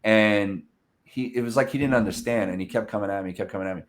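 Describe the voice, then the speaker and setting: A man with a fairly low voice hosts a casual interview. He tells stories with lots of energy and acts out the voices of the people in them. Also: fast. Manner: animated storyteller, acts out quoted speech. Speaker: podcast host.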